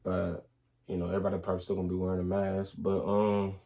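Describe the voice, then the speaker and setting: Young soldier husband, low-pitched, animated slangy storyteller. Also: male voice, fast talker, creaky. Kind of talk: casual couple Q&A chat.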